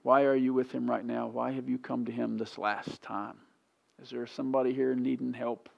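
A pastor preaching a sermon in a church sanctuary, pleading and impassioned, swinging from hushed to loud. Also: male voice, medium pitch, level tone, moderate pace, creaky, highs cut off.

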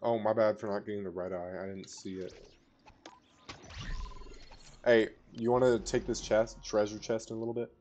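A young man giving casual live commentary to a teammate while playing a battle royale game, rambling one moment and shouting callouts the next. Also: on the low side, fairly quick, a little hiss or hum. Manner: casual, rambling, bursts into excited shouting in fights. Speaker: gamer streamer.

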